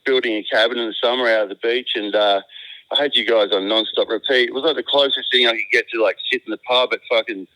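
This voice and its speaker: A man's voice: mid-range voice, fairly even intonation, fast talker, sharp tone, no room sound. An Australian man calling in as a guest, chatting casually and rambling with restarts and slang over a phone line. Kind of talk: casual chat.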